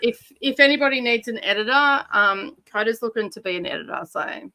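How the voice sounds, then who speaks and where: Chatty Australian woman, bright voice. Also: a little high, a little fast. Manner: chatty, laughs often. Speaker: livestream co-host. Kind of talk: casual live-stream chat.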